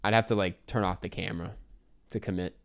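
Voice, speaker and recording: Excitable man chatting through a game. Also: low-pitched, brisk, creaky. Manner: excitable, talks to himself while guessing, swears. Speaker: streamer playing a geography guessing game. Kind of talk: casual live gameplay chat.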